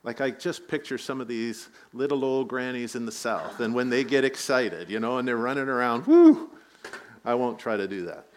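A man's voice: mid-range voice, fairly quick, few pauses, a little hiss or hum. A man preaching a sermon, telling the story with rising emphasis and light asides. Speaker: pastor.

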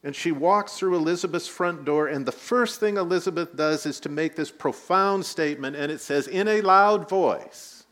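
A man's voice: fairly high pitch, moderate pace, hardly any pauses, fairly bright tone. A man preaching a sermon, telling the story with rising emphasis and light asides. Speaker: pastor.

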